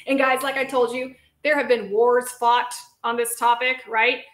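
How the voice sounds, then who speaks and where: A woman hosting a casual live-stream Q&A as a physical therapist, chatty and lively, talking straight to her viewers. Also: on the high side, normal speed, roomy sound. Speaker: physical therapist and show host.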